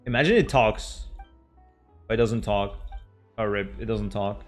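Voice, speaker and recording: A man's voice: on the low side, unhurried, faint music behind. A young man with a French accent, a streamer chatting casually with his viewers and sounding out names. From France. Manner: chatty, reads names aloud and laughs at them. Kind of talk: casual live-stream chat.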